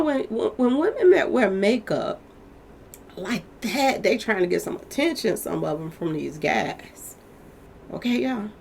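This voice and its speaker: A woman's voice: fairly high pitch, creaky, slight background noise. A woman hosting her own channel, chatting animatedly about celebrity gossip and talking straight to her viewers. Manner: chatty, animated, keeps addressing viewers as "y'all". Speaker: commentary channel host. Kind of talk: casual celebrity gossip commentary.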